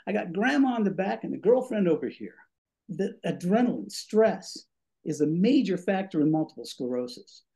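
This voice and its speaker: Speaking at a normal speed in a high-pitched voice, an older man recounts stories as a podcast guest. Once a radio DJ, he brings them to life by acting out voices, though he's a bit breathless.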